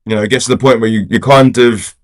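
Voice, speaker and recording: A man's voice: mid-range voice, fairly even intonation, fast talker. Exasperated man ranting about football. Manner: rambling, exasperated, heavy on "you know" and "do you get what I'm saying". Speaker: football fan vlogger. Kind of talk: casual fan rant to camera.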